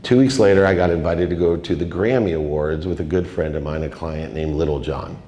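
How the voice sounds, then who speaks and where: A middle-aged man giving a confessional, emotional motivational speech on stage, with dramatic swings in loudness. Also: a bass voice, fairly quick. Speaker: keynote speaker. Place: large event hall. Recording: echoey hall with long reverb.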